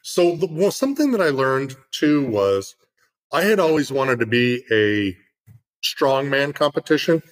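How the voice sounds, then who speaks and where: A man's voice: medium pitch, sing-song, a little slow, low-quality recording. A middle-aged man in casual conversation, telling an earnest story with lots of fillers.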